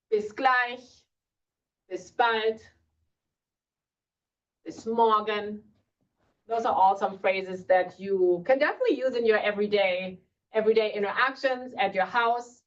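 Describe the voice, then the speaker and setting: Slow-spoken woman teaching German basics. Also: on the high side. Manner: relaxed, many fillers, slow deliberate pronunciation of German words. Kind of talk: casual classroom lesson. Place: school classroom. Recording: distant, muffled classroom recording.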